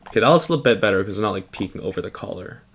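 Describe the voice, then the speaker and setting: A young man with a fairly low voice rambles in a goofy, self-mocking way while he works on a drawing. His talk is loose and unscripted, and keyboard typing clicks in the background. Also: animated, very fast, fairly bright tone, husky. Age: young adult. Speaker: vtuber artist. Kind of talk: casual drawing commentary.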